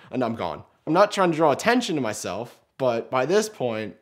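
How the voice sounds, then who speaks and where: A man's voice: medium pitch, normal speed, few pauses. A young man telling a story in a casual, self-mocking way, acting out what he and his friends said. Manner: animated, self-mocking, acts out quoted lines.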